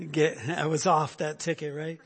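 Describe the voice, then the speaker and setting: A man's voice: a little high, creaky, fairly bright tone, slightly rough. A man preaching a sermon as pastor, telling a story casually with restarts and frequent "right?" asides. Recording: hall reverb.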